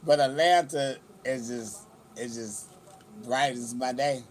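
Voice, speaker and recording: A man's voice: medium pitch, takes it slowly. A man in his forties from California, chatting casually and profanely to camera in a vlog outdoors at the beach. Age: 40s. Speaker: vlogger. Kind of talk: casual chat.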